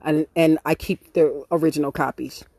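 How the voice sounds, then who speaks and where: A woman hosting a podcast, telling a story in a blunt, profane, animated way with acted-out quotes. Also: low-pitched, normal speed, no echo. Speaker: podcast host. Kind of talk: casual storytelling monologue.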